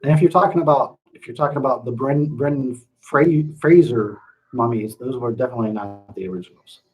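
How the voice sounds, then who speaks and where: A man chatting casually to his livestream audience from a room at home. His pitch sits in the middle range. He talks loosely and profanely, laughs often, and drifts into rants. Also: a little fast, poor audio. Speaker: livestream host reading chat.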